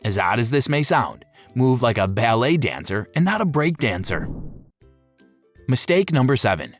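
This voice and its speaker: A man's voice: medium pitch, sing-song, normal speed, faint music behind. A man giving scripted narration for a pet-care video, playful and fond of jokey asides.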